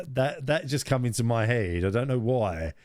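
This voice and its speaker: A man's voice: mid-range voice, big pitch swings, unhurried, darkish tone, no echo, clean studio sound. A man co-hosting a podcast, chatting casually, laughing often and repeating phrases for comic effect. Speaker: podcast co-host. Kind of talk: casual chat.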